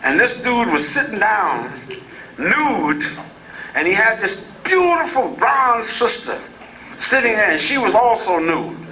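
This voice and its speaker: A man's voice: high-pitched, big pitch swings, unhurried, pushed and bright, roomy sound, a little hiss or hum, low-quality recording. A man giving a lecture in a folksy, digressive and humorous storytelling way.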